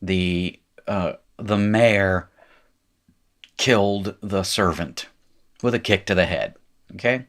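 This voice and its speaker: A man with a low voice gives a grammar lesson at a slow, unhurried pace. He drills word forms aloud one by one and drops the odd dry joke. His delivery is patient and methodical. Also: a bit bright. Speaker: Hebrew teacher. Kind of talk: classroom lecture at a whiteboard.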